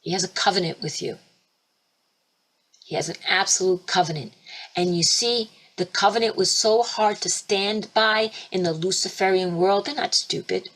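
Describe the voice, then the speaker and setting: A woman spiritual teacher hosting a webinar, talking emphatically and fervently, with sudden leaps in pitch and loudness. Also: moderate pace. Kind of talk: impassioned preaching webinar talk. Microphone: computer mic for a webinar.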